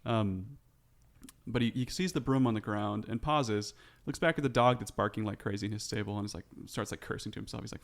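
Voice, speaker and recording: Lowish-voiced man running a tabletop game. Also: brisk, vocal fry. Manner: relaxed, chatty, filler-heavy. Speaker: game master.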